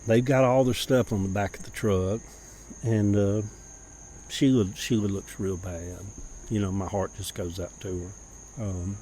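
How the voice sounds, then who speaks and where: A middle-aged man tells a personal story in a rambling, folksy way, restarting phrases and clearing his throat. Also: medium pitch, dark tone, rough recording.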